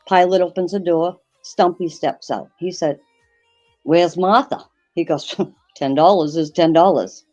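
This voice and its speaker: A woman's voice: fairly low pitch, unhurried, mellow, muffled recording, faint music behind. Casting: laughing woman from Maine on a call-in panel, playing up her accent. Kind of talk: casual livestream chat.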